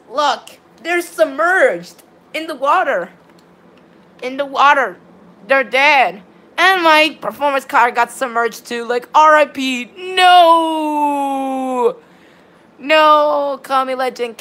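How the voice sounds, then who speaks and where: A woman giving excitable, rambling live commentary on her gameplay while chatting with viewers. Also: fairly high pitch. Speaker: game streamer.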